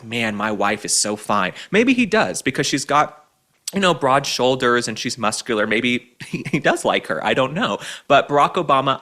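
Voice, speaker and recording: A man's voice: mid-range voice, pushed and bright. A man hosting a political commentary show, ranting in a sarcastic, emphatic, mocking way.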